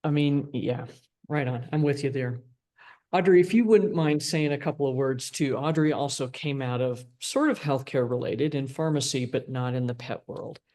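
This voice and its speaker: A woman's voice: extremely low pitch, moderate pace, warm tone. A woman hosting an online workshop, thanking speakers and passing the word on with brief, encouraging replies. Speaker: workshop host and moderator. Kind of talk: moderating a panel.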